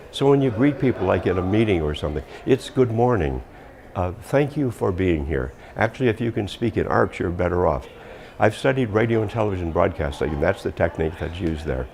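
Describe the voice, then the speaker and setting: Male communication coach, very low and gravelly, emphatic, firm downward endings, faint hiss behind. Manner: emphatic, drops pitch firmly on endings. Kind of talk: instructional talk.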